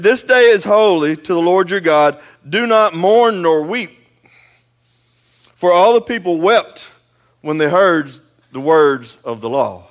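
A man, preaching as a pastor in a folksy, conversational way, moving between loud emphasis and quiet asides. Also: high voice. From East Texas. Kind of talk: sermon.

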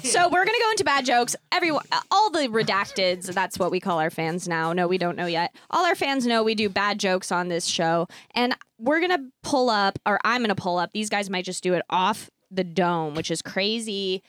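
A woman's voice: mid-range voice, expressive, normal speed, few pauses, fairly bright tone, dry recording, studio quality. A woman hosting a comedy podcast, playful and sarcastic, laughing easily. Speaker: podcast host. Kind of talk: casual comedy podcast chat.

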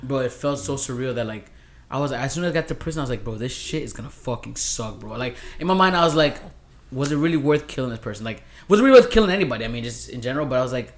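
A man's voice: mid-range voice, lively intonation, very fast. A man in his thirties, a podcast co-host, telling a long dream story with lots of restarts and asides. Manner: rambling storyteller, many restarts. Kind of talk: casual podcast chat.

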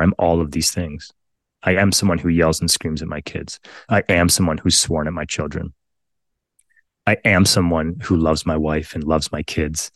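Guest role: very low-voiced man in his thirties, frank and profane, dry studio sound. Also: fairly even intonation, moderate pace, no echo. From Canada. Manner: blunt and profane, emphatic repetitions. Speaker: podcast guest, firefighter. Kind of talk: candid conversational storytelling.

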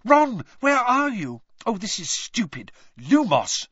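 A man's voice: high voice, huge pitch swings, slow, fairly bright tone, husky, no echo, distant mic, dull audio, voice pushed up, full character voice. A man voicing a teenage girl witch who speaks anxiously and defiantly.

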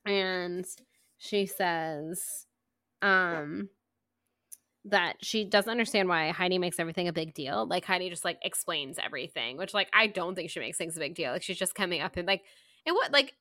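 A woman's voice: lowish voice, pushed and bright, no room sound, clean studio sound. A young woman co-hosting a podcast, chatting casually about a book and retelling scenes with quoted voices. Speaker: podcast co-host. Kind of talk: casual book-club chat.

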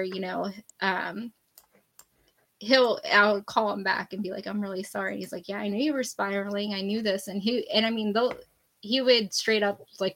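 A woman's voice: mid-range voice, creaky, fairly bright tone, rough recording. A woman in her forties, a guest on a faith podcast, speaking candidly in a casual, rambling way and often laughing mid-story.

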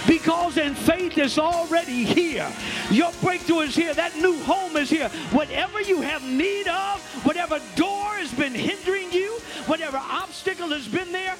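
A man preaching from the pulpit with a very high, ringing voice. He has the congregation repeat his declarations line by line, slowing down and building to shouts of faith. Soft music plays behind him. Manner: joking asides to the congregation. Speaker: bishop preaching. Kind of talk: sermon. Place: church sanctuary.

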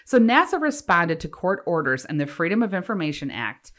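A woman with a notably low voice co-hosts a casual podcast. She reads out facts in an easy, chatty way and breaks off now and then for wry little asides. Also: big pitch swings, a little fast, a bit bright. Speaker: podcast co-host. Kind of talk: casual chat, reading facts aloud.

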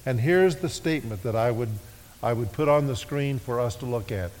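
A man preaching a sermon, leading his congregation in call-and-response and slowing to a hush on key phrases. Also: medium pitch. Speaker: pastor. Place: church sanctuary. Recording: echoey worship hall.

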